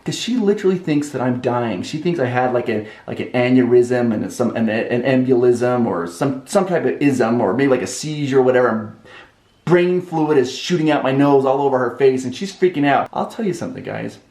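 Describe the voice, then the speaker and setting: Animated storytelling man, echoey room. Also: mid-range voice, normal speed. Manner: animated and expressive. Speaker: vlog host. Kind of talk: comedic storytelling vlog.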